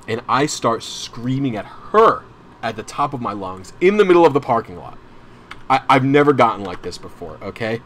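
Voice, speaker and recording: A young male streamer, his mid-range voice a touch bright over a slight hiss or hum, tells a long personal story in casual chat. The telling is rambling, full of restarts and asides, and his anxiety and frustration are out in the open.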